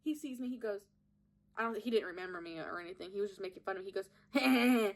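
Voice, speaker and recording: A woman's voice: mid-range voice, very fast. A young woman, host of a podcast, chatting casually and giggling while she does her makeup at home and films on her phone. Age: young adult. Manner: chatty, giggly, self-mocking storytelling. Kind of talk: casual makeup vlog chat. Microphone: phone camera propped up.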